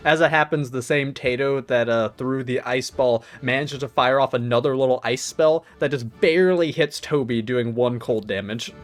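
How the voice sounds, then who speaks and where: A co-game master narrating a tabletop game in an easygoing way, with halting restarts. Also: mid-range voice, soft background music.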